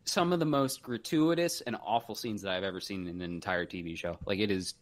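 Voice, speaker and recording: A man's voice: fairly low pitch, fairly quick. A man co-hosting a casual podcast, speaking bluntly and emphatically with harsh criticism. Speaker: podcast co-host. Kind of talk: casual chat.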